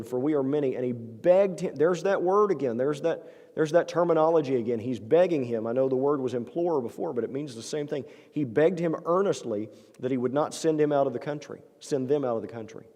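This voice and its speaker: A man's voice: medium pitch, warm tone. A male pastor preaching a sermon in a church, talking earnestly and conversationally and posing rhetorical questions to the congregation. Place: church sanctuary. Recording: long church-hall reverb.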